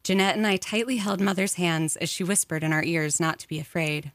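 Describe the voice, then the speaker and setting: Low-voiced woman narrating a memoir. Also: no room sound. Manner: measured, even storytelling.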